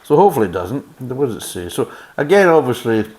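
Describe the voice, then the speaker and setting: Scottish man, sarcastic and blunt beer reviewer, mid pitch with lots of movement. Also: very animated, fast, a little mellow. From Scotland. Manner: sarcastic, blunt and swearing, reading the label aloud with mocking asides. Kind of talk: casual review chat.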